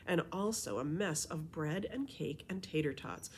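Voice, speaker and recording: A woman librarian reading a children's chapter book aloud in an expressive storytelling voice. Her pitch is low, yet it swings widely as she brings the story to life. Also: measured pace, husky.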